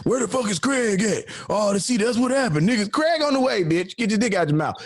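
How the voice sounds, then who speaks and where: This man speaks high and bounces all over his range, hurling quick insults with loud laughter. He is heard over a video call. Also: lively intonation. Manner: loud, laughing, trash-talking. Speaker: comedy show host. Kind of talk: live roast banter.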